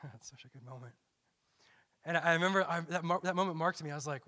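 A man's voice: a little high, fast, sharp tone. A young man giving a personal testimony as a missionary, telling his story with quoted self-talk and many restarts. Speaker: missionary speaker.

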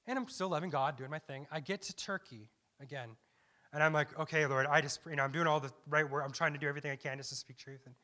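Guy sharing his mission testimony, kinda high voice, lots of stops and restarts, acts out his own thoughts. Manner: animated storytelling with quoted self-talk and many restarts. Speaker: missionary speaker. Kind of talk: personal testimony talk.

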